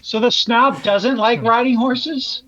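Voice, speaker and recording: A woman's voice: a little high, steady tone, takes it slowly, dull audio, crowd noise. A woman on a live stream asking wry, curious questions about the story. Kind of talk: casual stream chat.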